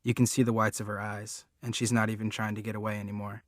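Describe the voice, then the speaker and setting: Low, even-voiced male audiobook reader. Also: fast talker, no room sound, clean studio sound. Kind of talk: first-person novel narration.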